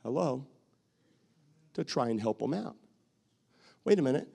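A middle-aged male pastor delivering a heartfelt sermon in a gravelly voice. His pitch rises and falls with lively swings as he moves from loud, rousing calls to hushed confessions. He often breaks into short acted-out quotes of what others say. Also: normal speed.

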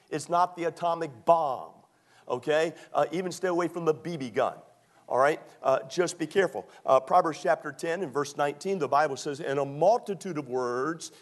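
A man preaching a sermon in a folksy, conversational way, with many fillers, quoting scripture and asking the congregation to answer. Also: a little high. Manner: quotes scripture and asks the congregation to respond. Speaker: pastor.

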